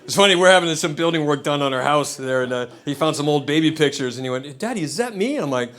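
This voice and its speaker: A man's voice: fairly high pitch, fairly even intonation, fast, a bit bright. A middle-aged man doing a stand-up set in a comedy club, wry, loose and self-deprecating. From United States. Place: comedy club with live audience. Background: audience laughter.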